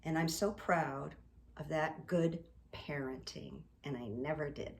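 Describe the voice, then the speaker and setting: A middle-aged woman hosting her own video channel, talking in a rambling, earnest way to camera and reading quotes out slowly. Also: low voice, fairly even intonation, vocal fry. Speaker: psychic coach and YouTube host. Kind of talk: casual to-camera monologue.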